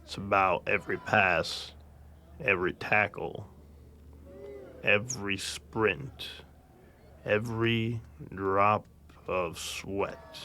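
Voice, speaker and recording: A man playing an uninspiring soccer coach who gives a halting, monotone pep talk full of fillers. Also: on the low side, a little hiss or hum, full character voice. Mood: flat pep talk.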